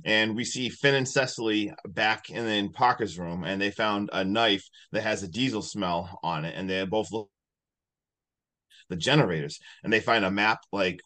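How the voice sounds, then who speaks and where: A man hosting a podcast, casually recapping a movie in a rambling, animated way full of "like". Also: on the low side, normal speed. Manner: rambling, animated retelling with many likes. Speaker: podcast host.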